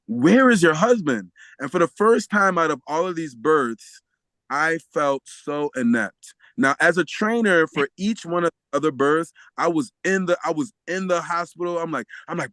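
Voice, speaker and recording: A man telling a story as a podcast guest, animated and often laughing, acting out the voices of the people in it. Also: on the high side, no room sound. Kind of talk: storytelling in a casual interview.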